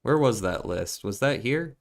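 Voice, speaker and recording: A man's voice: mid-range voice, animated, unhurried, vocal fry. A man streaming a puzzle game, thinking aloud in a casual, profane mutter as he works through clues.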